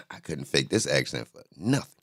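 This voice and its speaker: Gravelly-voiced man riffing profanely. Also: extremely low pitch, very animated, moderate pace. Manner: loud, profane, joking slang banter. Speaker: streamer reacting to a court video. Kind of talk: casual reaction commentary.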